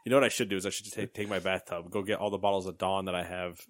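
A man's voice: low voice, level tone, rapid-fire, no room sound. A young man co-hosting a casual gaming podcast, joking and rambling with sarcastic asides, hiccuping now and then. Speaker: podcast co-host. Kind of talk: casual chat.

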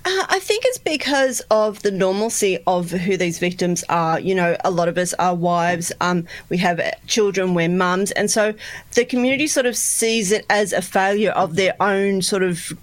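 A woman's voice: medium pitch, normal speed. A woman from Australia co-hosting a true crime podcast, laughing easily and talking things through with fillers. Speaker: podcast co-host, crime expert.

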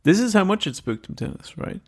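Man with a gravelly voice. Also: high-pitched, big pitch swings, brisk. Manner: reads story notes, easily spooked. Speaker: podcast co-host. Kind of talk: casual chat and read narration.

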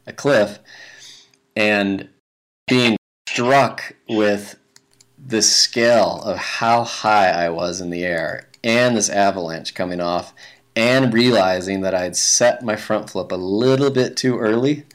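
Male interview guest, lower register, relaxed rambling storyteller. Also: takes it slowly. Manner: relaxed, rambling, many fillers and restarts. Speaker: guest, big-mountain skier.

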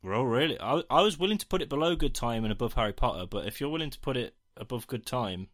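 A man's voice: mid-range voice, animated, fast talker, a bit bright, dry recording, clean studio sound. A man in his twenties from the UK, co-hosting a casual film podcast, joking and self-mocking. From United Kingdom. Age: 20s. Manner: jokey, self-mocking, laughs often. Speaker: podcast co-host. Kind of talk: casual chat, film ranking.

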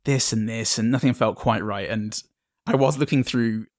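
A man's voice: lowish voice, moderate pace, no echo. Laughing man, dry close sound. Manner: rambling, laughs often. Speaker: tabletop game player. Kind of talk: casual podcast chat.

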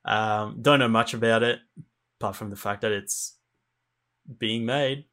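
A man's voice: on the low side, unhurried, a bit bright. A man in casual gaming chat on a stream, laid-back, swearing casually and laughing often. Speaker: streamer co-host.

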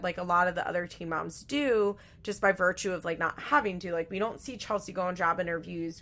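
A woman's voice: mid-range voice, fairly bright tone. A young adult woman hosting a show, giving blunt, profane commentary on a reality show in casual chat. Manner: blunt, profane and frank, with frequent fillers. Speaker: podcast host recapping a reality show.

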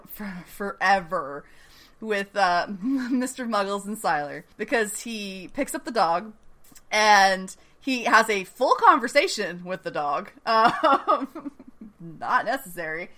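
Bright-voiced chatty woman, laughing often. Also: medium pitch. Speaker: podcast host recapping a TV episode. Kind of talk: casual chat.

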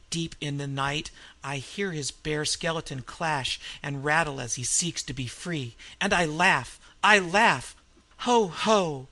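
Man playing a roaring, mad old innkeeper. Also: sharp tone. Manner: roaring, wild laughter, raised pitch. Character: insane vengeful male innkeeper, roaring.

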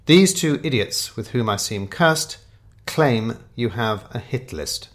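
A man's voice: mid-range voice, expressive, slow pace, a bit bright. A man voicing a stern, impatient female police inspector with a curt, commanding manner.

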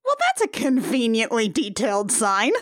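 A woman co-hosting a podcast, reacting with quick, wry, sarcastic asides in casual chat. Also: on the high side, huge pitch swings. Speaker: podcast co-host.

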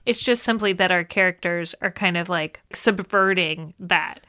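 A woman co-hosts a casual film podcast, talking in a bright, crisp voice. She rambles comfortably with lots of fillers and laughs easily along the way. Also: lowish voice, moderate pace. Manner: chatty, laughs often, many fillers. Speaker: podcast co-host.

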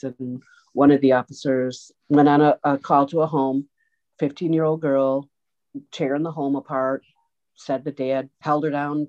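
A woman telling stories in an interview, lively, acting out the voices of the people she quotes. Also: rumbling low. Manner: animated storyteller, acts out quoted voices. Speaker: guest, autism program organizer. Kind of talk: storytelling interview answers. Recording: dull lo-fi sound.

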